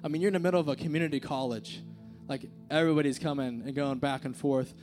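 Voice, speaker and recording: A man's voice: a little high, fairly even intonation, quick pace, darkish tone, faint music behind. A young man giving an informal sermon at a church service, telling a personal story in a casual, earnest way full of fillers like "like" and "dude". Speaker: youth speaker. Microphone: handheld microphone.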